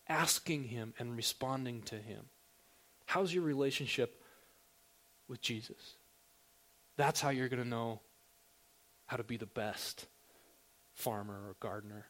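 A man preaching a sermon as a pastor, talking in a relaxed, conversational way and asking the listeners direct questions. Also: medium pitch, unhurried, pauses often.

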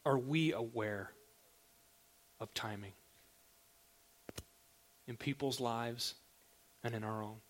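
A man preaching a sermon as a pastor, talking in a relaxed, conversational way and asking the listeners direct questions. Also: lowish voice, measured pace, pauses often.

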